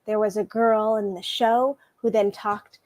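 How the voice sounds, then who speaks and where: A woman co-hosting a podcast in casual chat, laughing often and chiming in with quick agreement. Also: mid-range voice, fairly even intonation, darkish tone. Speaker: podcast co-host.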